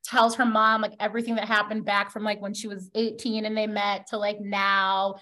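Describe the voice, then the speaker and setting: A young woman on a book club podcast, casually retelling a novel's plot in an animated way and dropping "like" all through her talk. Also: mid-range voice, moderate pace. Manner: animated storyteller who acts out characters' lines; heavy use of "like" as a filler.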